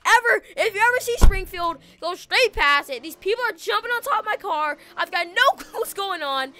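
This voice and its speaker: A woman giving excitable, panicky gameplay commentary as the host of a gaming channel, laughing often. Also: extremely high pitch, normal speed, dry recording.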